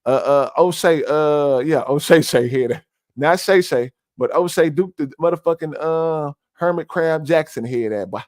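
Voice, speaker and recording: A man's voice: fairly high pitch, unhurried, darkish tone, no echo. Preachy man, close dry mic. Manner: preachy, repeats "family", heavy fillers. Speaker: commentary streamer. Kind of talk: casual conspiracy commentary.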